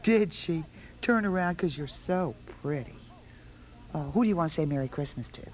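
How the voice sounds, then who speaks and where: A woman's voice: sits low, animated, normal speed, darkish tone, rough recording. A woman hosting a holiday television show in a studio, coaxing small children with sing-song questions. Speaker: television host.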